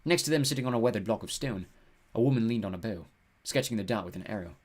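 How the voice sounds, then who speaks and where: A man's voice: on the low side, expressive, fast talker, darkish tone. Man narrating an audiobook. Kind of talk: scripted narration.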